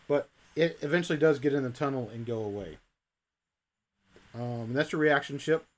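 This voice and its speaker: A man's voice: mid-range voice, normal speed. Man, game master, rambling narration. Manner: rambling, many fillers and restarts.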